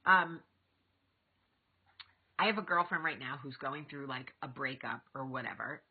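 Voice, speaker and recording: A woman in her thirties hosting a vlog, telling stories casually to camera and acting out quotes with big lively jumps. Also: low voice, slight background noise. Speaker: vlog host. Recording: tinny phone-like audio.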